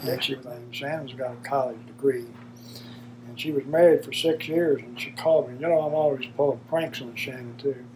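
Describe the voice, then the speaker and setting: A man's voice: mid-range voice, fairly even intonation, moderate pace, a little mellow, a little hiss or hum, low-quality recording. An older man, a father telling rambling, folksy stories about his children. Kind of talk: reminiscing storytelling.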